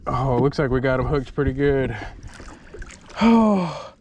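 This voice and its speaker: A man, excitedly narrating his own fishing vlog from a kayak on a river at night, often exclaiming and laughing. He is recorded on an action camera. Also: medium pitch, fairly quick, background noise. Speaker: fishing vlogger. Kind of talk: excited outdoor vlog commentary.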